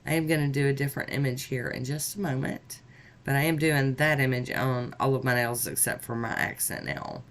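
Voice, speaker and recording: A woman's voice: very deep voice, a little fast. Chatty woman narrating a nail tutorial. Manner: chatty, upbeat, talks through each step. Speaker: nail art vlogger.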